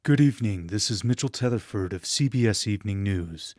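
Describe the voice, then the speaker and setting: A man's voice: on the low side, lively intonation, a little fast, darkish tone, dry recording, close to an everyday voice. Polished male TV anchor, formal broadcast reading, dry close sound, a man doing the voice.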